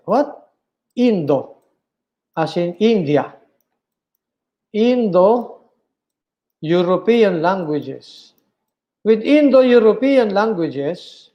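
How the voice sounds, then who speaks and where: A male philosophy lecturer with a Filipino accent teaches in an unhurried, higher-pitched voice. He mixes English and Tagalog, asks the class questions and answers them himself, and repeats each key point. He jokes now and then. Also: highs cut off.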